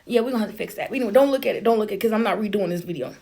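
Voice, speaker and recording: A woman's voice: medium pitch, rapid-fire, creaky, darkish tone, slight background noise. A woman vlogger telling a personal story to the camera in a blunt, chatty, profane way.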